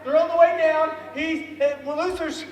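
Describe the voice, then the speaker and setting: A man telling a lively story to an audience, acting out voices and often laughing. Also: very high voice, normal speed. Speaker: storyteller speaker. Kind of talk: storytelling speech. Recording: echoey hall from far off.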